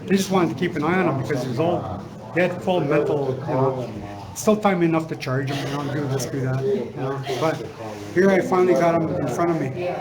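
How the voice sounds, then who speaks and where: Halting middle-aged man telling his story. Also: a little high, rough recording. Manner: halting and repetitive, circling back with fillers. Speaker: speaker sharing a personal story. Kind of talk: personal storytelling talk. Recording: crowd noise audible behind.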